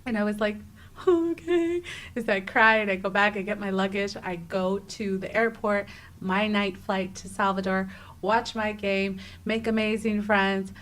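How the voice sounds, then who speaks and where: A woman in her thirties, a guest on an interview show, telling a personal story with lively energy and acting out the dialogue. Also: mid-range voice, moderate pace, poor audio. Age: 30s. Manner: animated, acts out quoted dialogue with many "like"s. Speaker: guest, travel writer.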